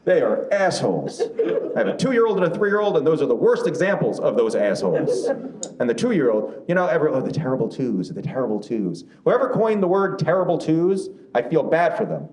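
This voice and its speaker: A man's voice: fairly high pitch, sing-song, brisk, darkish tone. A man in his thirties doing a stand-up comedy set on a club stage, telling stories in a brash, profane way into a handheld mic. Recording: roomy club with crowd noise.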